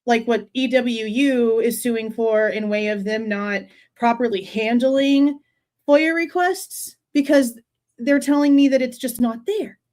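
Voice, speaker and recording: A young Texan woman with a high voice runs a relaxed true crime livestream, chatting loosely and sounding exasperated. Her unhurried delivery has a darkish tone, and she keeps stopping to greet chat viewers by name.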